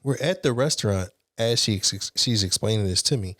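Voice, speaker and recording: Low-voiced man telling a candid story. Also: brisk, no room sound, studio quality. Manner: candid, animated storytelling with profanity. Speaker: podcast guest. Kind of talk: casual storytelling.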